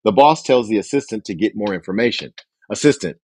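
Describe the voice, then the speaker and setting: Male host reading a sales book; low husky voice, lively intonation, dry close sound. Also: a little fast, no room sound. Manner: acts out phone dialogue with raised pitch for characters.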